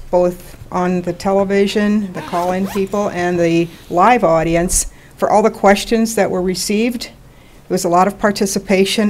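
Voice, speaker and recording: A woman moderating a local candidate forum, reading formal thanks and reminders in a measured way. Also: on the low side, darkish tone. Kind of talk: formal closing remarks. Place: public meeting hall.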